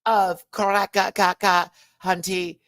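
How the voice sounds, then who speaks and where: A woman's voice: medium pitch, level tone, slow pace, fairly bright tone, no echo, pitched above the performer's own voice. A woman imitating a grandiose, theatrical drag queen giving a lofty speech. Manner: lofty, sweeping declamation.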